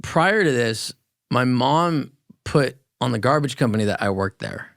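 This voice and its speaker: Gravelly man, blunt and plain-spoken. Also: mid-range voice, expressive, a little slow, dry recording, studio quality. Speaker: podcast guest. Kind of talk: casual interview chat.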